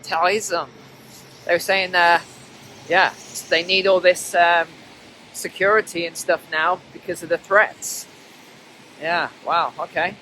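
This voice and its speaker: A man films himself strolling through city streets in the snow and chats casually to his viewers. He speaks at a measured pace in a high-pitched, steady, sharp-toned voice, with a faint hiss or hum in the audio.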